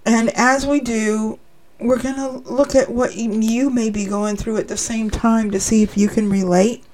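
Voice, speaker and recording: A woman's voice: on the high side, steady tone, a little slow, darkish tone, a little hiss or hum, poor audio. Earnest woman preaching a sermon. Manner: earnest, addressing listeners directly.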